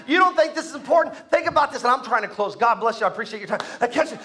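Very high-pitched, bright-voiced preacher shouting. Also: male voice, animated, a little hiss or hum. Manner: swings from hushed to shouting, drawn-out emphatic phrases; calls on the audience to answer. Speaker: pastor. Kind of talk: live sermon to a congregation.

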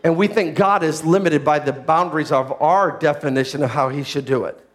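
A man preaching a sermon as pastor, swinging between loud, excited preaching and low, quiet asides. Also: fairly quick.

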